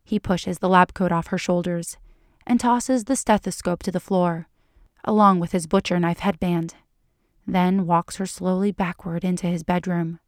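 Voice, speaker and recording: A woman narrating fan fiction aloud in a measured, even storytelling manner. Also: lowish voice, no room sound, studio quality.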